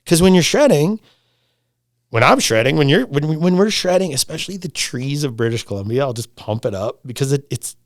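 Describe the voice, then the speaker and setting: A middle-aged man in casual podcast conversation, talking in an animated, rambling way, swearing freely and repeating himself. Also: fairly high pitch, fairly quick, no echo, studio quality. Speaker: lodge owner, podcast guest.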